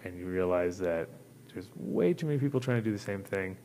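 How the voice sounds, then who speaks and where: A man's voice: sits low, lively intonation, brisk, dark tone, slight background noise. A man hosting a show, telling a long casual story full of swearing and acted-out quotes. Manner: rambling, profane, acts out voices in quotes. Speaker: host.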